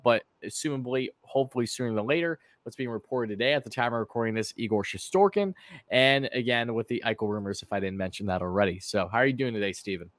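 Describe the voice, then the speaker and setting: Man, podcast host, chatty and rambling, mid pitch, dry close sound. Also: dry recording. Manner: chatty, run-on, with frequent fillers and restarts. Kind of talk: casual live-stream sports podcast chat.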